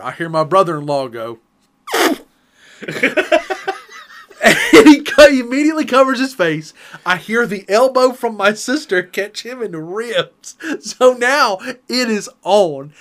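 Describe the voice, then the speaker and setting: A man's voice: sits high, a bit bright. A man on a casual podcast telling a family story, acting out the quotes and laughing often.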